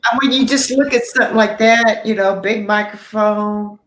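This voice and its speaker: A woman's voice: mid-range voice, steady tone, normal speed, echoey room, crowd noise. A woman co-hosting a casual livestream, chatting in an easygoing, teasing way. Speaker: host's wife and co-host. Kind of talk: casual chat.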